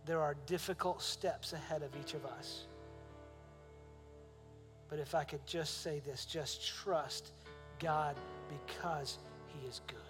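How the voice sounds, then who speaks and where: Man preaching, higher voice, reverb. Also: steady tone, slow pace, long pauses, faint music behind. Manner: rising to emphatic questions, then soft prayer. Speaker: pastor. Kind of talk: sermon.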